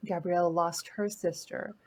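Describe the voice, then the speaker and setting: A woman guest in an interview, speaking earnestly and gently encouraging as she tells a personal story. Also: on the low side, fairly even intonation, moderate pace. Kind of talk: heartfelt interview talk.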